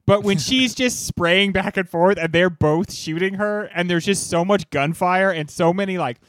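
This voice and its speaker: A man's voice: sits high, normal speed, fairly bright tone, dry recording. A man co-hosting a casual movie podcast, talking enthusiastically and rambling a little. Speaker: podcast co-host.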